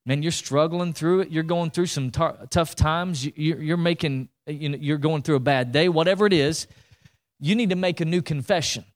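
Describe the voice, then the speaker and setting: A man preaching a sermon as pastor, energetic and repetitive, often restarting his sentences as he pushes his point. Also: on the high side, moderate pace.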